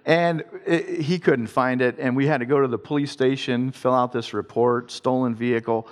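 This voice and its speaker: A man's voice: medium pitch, fairly even intonation, moderate pace. A man from Ohio telling a personal story in a conversational way and turning it into an earnest devotional talk. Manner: earnest, conversational storytelling with self-deprecating laughs. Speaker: father telling a faith story.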